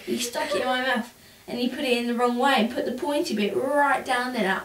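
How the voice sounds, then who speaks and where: A woman's voice: on the high side, a little fast, fairly bright tone. A young woman co-hosting a casual podcast, teasing and interrupting her co-host. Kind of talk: casual chat. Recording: roomy, distant mic.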